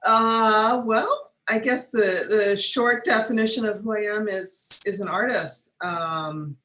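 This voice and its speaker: A woman being interviewed as a guest artist, speaking thoughtfully with frequent pauses and fillers over a video call. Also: medium pitch, fairly bright tone, roomy sound, slight background noise, rough recording. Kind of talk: conversational interview.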